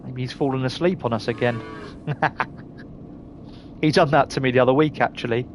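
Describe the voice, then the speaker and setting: A man's voice: medium pitch, normal speed. Man, Surrey accent, middle-aged, chatty streamer talking to viewers, faint hiss in the background. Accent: Surrey English. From England. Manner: chatty, reads out viewers' names and laughs often. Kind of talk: casual live-stream chat.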